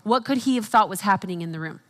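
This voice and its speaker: A woman facilitating a live workshop in front of an audience, speaking in an animated coaching manner and acting out the inner questions people ask themselves. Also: medium pitch, quick pace, in a large hall. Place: event hall with audience.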